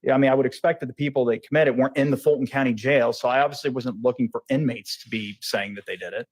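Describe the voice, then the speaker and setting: Male witness, investigator type, fast and rambling, pitch mid-range. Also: breathy edge. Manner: rambling, fast, self-correcting with fillers. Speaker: police investigator testifying as witness. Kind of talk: courtroom testimony. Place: courtroom.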